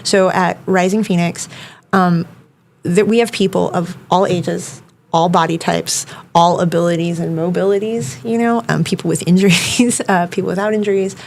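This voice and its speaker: A woman's voice: fairly low pitch, fairly even intonation, normal speed, gravelly, a little hiss or hum. A woman self-defense instructor talking casually as a podcast guest, filling her speech with "like" and "you know.". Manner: chatty, many fillers like "like" and "you know".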